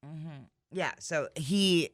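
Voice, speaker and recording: A man co-hosting a radio morning show, giving quick reactions and plainly laying out what happened. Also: a little high, fairly bright tone, no room sound, studio quality. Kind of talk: casual radio banter.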